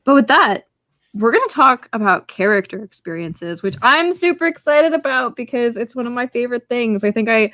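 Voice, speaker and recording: Chatty higher-voiced woman podcaster. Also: brisk, no room sound. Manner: excitable and chatty, strings stories together with "like". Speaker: podcast co-host. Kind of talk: casual podcast chat.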